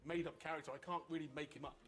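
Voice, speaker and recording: A man from Birmingham, an actor guest on a comedy panel show, talking in an animated, self-mocking way. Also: fairly high pitch, racing, faint music behind. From Birmingham, England.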